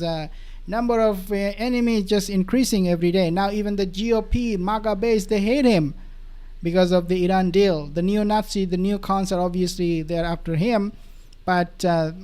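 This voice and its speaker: Animated, mocking male commentator. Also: sits high. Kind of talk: political commentary.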